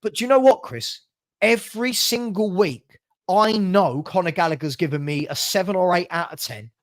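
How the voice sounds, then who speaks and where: A man's voice: high-pitched, normal speed. A man hosting a fan channel, ranting passionately about his football club in heated chat and stumbling over repeated words. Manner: passionate ranting, repeats himself, laughs often.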